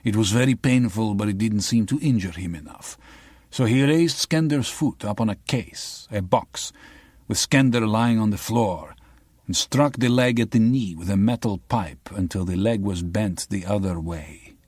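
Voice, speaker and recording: Brief: a man playing a solemn Albanian man, measured delivery, a touch higher than a low base, dry close read. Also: darkish tone, dry recording, natural voice.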